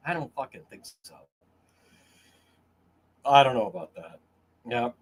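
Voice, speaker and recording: A man's voice: mid-range voice, lively intonation, unhurried, long pauses, husky. A man hosting a casual livestream, crude and mocking as he reads comments from chat. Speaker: livestream host.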